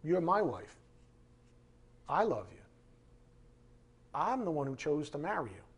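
A man speaking as the Lord, a devoted husband who reassures gently and intimately. The voice sits a little high and sounds husky. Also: very animated, unhurried, full character voice. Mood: tender.

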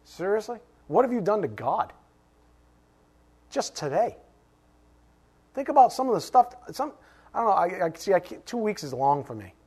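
A middle-aged male pastor with a slightly high voice delivers a sermon. He keeps it lively with rhetorical questions, then falls suddenly to a hush. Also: moderate pace, long pauses, breathy edge.

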